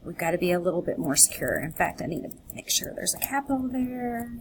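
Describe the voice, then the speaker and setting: A chatty woman teacher walks through a screen recording, thinking aloud as she clicks. Her voice sits a little low for a woman, and faint hiss runs under it. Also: very animated, fast talker, rough recording. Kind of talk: screencast tutorial.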